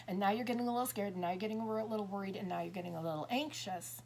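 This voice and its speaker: A woman's voice: mid-range voice, rapid-fire, few pauses, a little hiss or hum. A woman in her fifties talking in a rambling, self-interrupting way, acting out little dialogues as she explains. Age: 50s. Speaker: tarot reader. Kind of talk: casual monologue.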